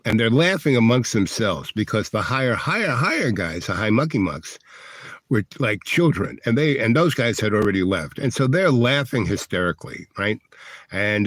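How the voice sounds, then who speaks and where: A man's voice: lowish voice, dry recording. A man vlogging, telling a long rambling story to his viewers with many fillers and restarts, acting out other people's lines. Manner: acts out other people's lines in raised voices. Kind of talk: casual storytelling monologue to viewers.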